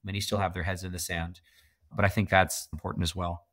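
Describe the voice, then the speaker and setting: A man's voice: low-pitched, level tone, brisk, a bit bright, no echo. A middle-aged man from Canada, a podcast guest talking emphatically and laughing often in a casual interview.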